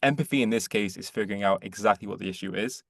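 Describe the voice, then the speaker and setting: Brief: young male presenter, low-ish voice, fast and earnest, dry close recording. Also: creaky, no echo. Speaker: webinar presenter. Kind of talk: reflective explanation in a webinar.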